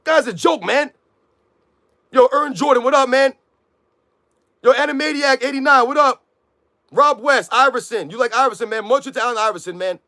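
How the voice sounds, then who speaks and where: A man ranting loudly on a sports live stream, combative and repetitive, calling out chat viewers by name. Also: extremely high pitch, moderate pace, long pauses. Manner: loud, combative, repetitive rant.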